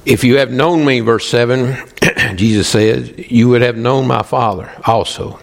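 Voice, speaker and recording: A male pastor, preaching emphatically, slowing and pausing for stress. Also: medium pitch, steady tone, vocal fry. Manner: emphatic, pleading with pauses. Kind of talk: sermon.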